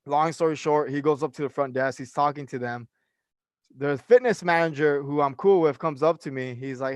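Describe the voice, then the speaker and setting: A man's voice: on the high side, normal speed, clear, resonant tone, no echo, highs cut off. A young man from California, a personal trainer, telling a story in casual podcast chat with lots of fillers and swearing. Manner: animated storyteller, profane, many fillers.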